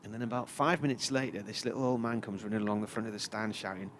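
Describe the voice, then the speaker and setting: A man's voice: on the low side, quick pace, slight background noise. A man, commentating on live cricket and telling a long, chatty anecdote. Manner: chatty storyteller, puts on voices for characters in his tales.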